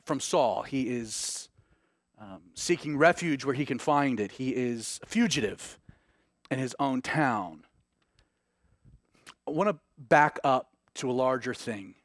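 A man preaching a sermon, reading scripture aloud and then commenting on it with rising, animated emphasis. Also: mid-range voice, no room sound, studio quality. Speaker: pastor. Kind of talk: sermon, Bible teaching.

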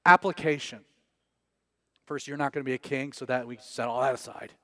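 A man's voice: mid-range voice, fairly even intonation, fairly quick, fairly bright tone, no room sound. A man preaching a casual verse-by-verse sermon as pastor, conversational and joking with slang asides.

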